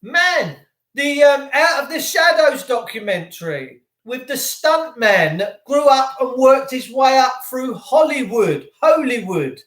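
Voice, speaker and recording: A man hosting a live stream from home, talking to viewers in an excitable, effusive, rambling way. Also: extremely high pitch, a little slow, roomy sound. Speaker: channel host. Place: indoors at home.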